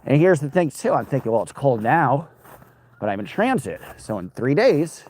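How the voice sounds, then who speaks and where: A man's voice: mid-range voice, big pitch swings, normal speed, darkish tone. A young man, a former news anchor, chatting in a rambling, wry way while walking outdoors in the cold and answering viewers. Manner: rambling, self-interrupting, wry. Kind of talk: casual walking vlog chat, answering viewer comments.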